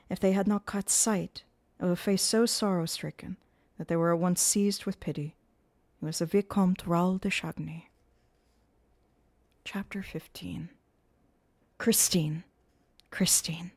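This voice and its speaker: A woman reading a classic novel aloud on a live stream, expressive and slipping into character voices. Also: lowish voice, dry recording. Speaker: audiobook reader on a live stream. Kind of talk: live audiobook narration.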